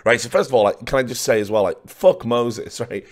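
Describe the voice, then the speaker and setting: A tired, hoarse man giving blunt, profane esports match analysis. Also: medium pitch, brisk.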